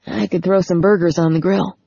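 A woman voicing a blunt, teasing brother in a storybook, who talks bluntly and directly. The voice is lowish and dark, with a husky edge. The recording is dull and dry. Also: fairly even intonation, fairly quick, dry recording. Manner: blunt, loud outbursts. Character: teasing older brother, blunt sports fan.

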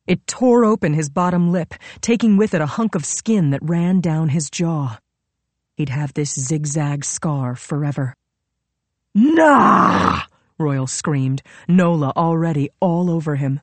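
A woman narrating a story in a measured, dramatic way on a close mic. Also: low voice, mellow, dry recording. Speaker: audiobook narrator. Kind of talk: scripted narration.

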